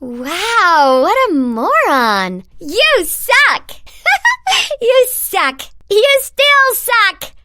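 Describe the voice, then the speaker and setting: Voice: extremely high pitch, big pitch swings, very slow, pushed and bright, slight background noise, full character voice. An actor voicing a mocking, gleeful rainbow boss in a video game, sneering and sing-song as it taunts the player.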